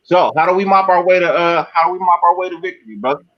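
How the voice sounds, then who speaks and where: Laid-back sports stream host, dull audio. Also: male voice, high-pitched, fairly even intonation, fast talker. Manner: laid-back, says "you know what I mean" a lot. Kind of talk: casual sports chat.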